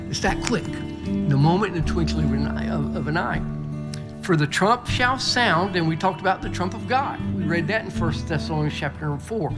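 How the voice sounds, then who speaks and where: A middle-aged man preaching a folksy sermon, often repeating and restarting words. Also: a little high. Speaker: pastor. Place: church.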